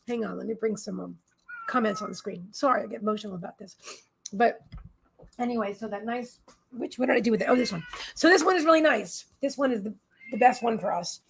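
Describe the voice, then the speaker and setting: High, gravelly woman host; rambling, emotional, restarts a lot, casual livestream talk. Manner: coos in baby talk to her pets. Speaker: psychic reader and healer, livestream host.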